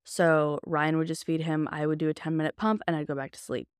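A woman's voice: sits low, little pitch movement, fairly quick, smooth, no room sound, studio quality. A young woman hosting a podcast, telling a personal story in a candid, chatty way full of casual fillers. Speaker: podcast host.

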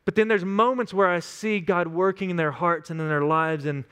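A man's voice: high voice, steady tone, normal speed, a bit bright, smooth. A man in his thirties from West Texas with a Texan accent, preaching a conversational, story-driven sermon. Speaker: pastor.

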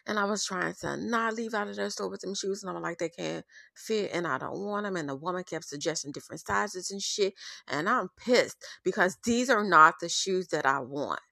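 Gravelly-voiced woman telling a personal story. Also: on the low side, normal speed, bright, forceful tone, dry recording, studio quality. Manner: candid and profane, openly angry. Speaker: podcast host.

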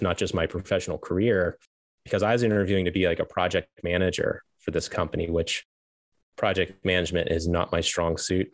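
A middle-aged man with a low voice tells his story as a guest on an interview show. He rambles, restarts his sentences and laughs now and then. The sound is dry, with no room echo. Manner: rambling, self-correcting, laughs as he tells stories.

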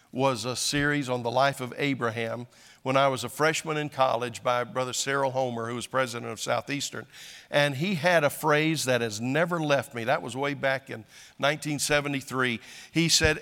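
A man's voice: mid-range voice, normal speed, bright, forceful tone, in a large hall. An older man, a pastor, preaching a sermon in a conversational, self-deprecating way with frequent restarts.

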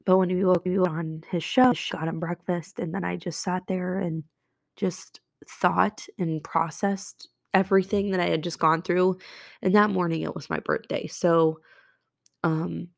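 Low husky-edged woman close to tears. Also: fairly even intonation, dry recording. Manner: emotional, halting, many restarts and fillers. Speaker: podcast host; nurse. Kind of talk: personal confessional podcast monologue.

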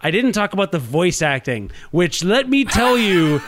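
A man's voice: high voice, sing-song, normal speed, fairly bright tone, slight background noise. A man hosting a podcast in casual chat, teasing his guest and steering the talk. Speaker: podcast host.

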